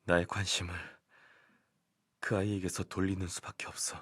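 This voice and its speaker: An actor playing a troubled, intense young man in a game, speaking in a tense, quiet and restrained way with a low, husky voice. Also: level tone, very fast, dry recording, studio quality. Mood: quiet brooding.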